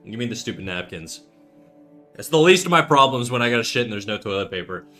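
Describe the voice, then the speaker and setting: Bright-voiced man in his thirties, casual streamer. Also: medium pitch, animated, fast talker, soft background music. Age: 30s. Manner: profane, laid-back, reads chat aloud. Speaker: art livestreamer. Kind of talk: casual livestream chat.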